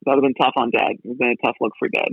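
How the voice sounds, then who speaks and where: A man's voice: medium pitch, fairly even intonation, rapid-fire, husky, no echo. A man in his thirties chatting casually as podcast co-host, laid-back and self-mocking. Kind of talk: casual chat. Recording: dull lo-fi audio.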